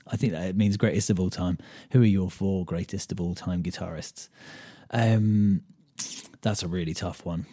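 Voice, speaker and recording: A British man with a low, dark, slightly husky voice talks through a guitar lesson on his own podcast. He is relaxed and unscripted, thinks out loud with plenty of ums, and counts beats aloud as he goes. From United Kingdom. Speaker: podcast host and guitar teacher. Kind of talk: casual solo podcast lesson.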